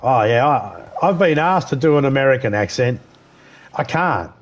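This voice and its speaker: A man live streaming a game chats casually, rambling, swearing and repeating himself as he circles back over his points. His mid-range voice is animated at a moderate pace.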